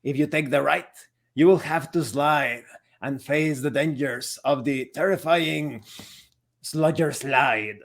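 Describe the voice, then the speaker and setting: A man's voice: a little high, slow, vocal fry, heavily acted. A man voicing a solemn cockroach priest.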